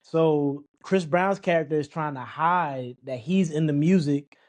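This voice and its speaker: A man's voice: a little high, measured pace. A man co-hosting a casual film review chat, telling stories animatedly and acting out lines. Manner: animated storyteller, recounts scenes and mimics lines. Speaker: podcast co-host reviewing a film.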